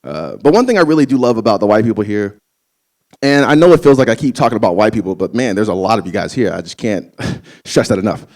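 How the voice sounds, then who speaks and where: A man's voice: lowish voice, lively intonation, quick pace, a little mellow. A young adult man performing stand-up comedy, telling loose, profane, conversational stories to a live audience.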